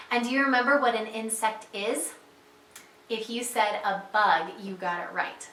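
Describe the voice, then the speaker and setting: A woman leads a preschool reading lesson at an unhurried pace, drawing out each word for young children. Her voice is bright and somewhat high. The room gives it a noticeable echo. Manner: slow, clear, encouraging teacher talk with questions to children. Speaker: preschool teacher. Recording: echoey room sound.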